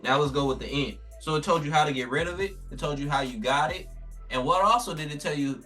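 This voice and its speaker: A man's voice: fairly high pitch, fast, sharp tone, far from the mic, faint music behind. A man teaching a scripture lesson. He reads the old text aloud, then explains it in casual slang and acts out the voices he quotes. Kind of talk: informal religious teaching.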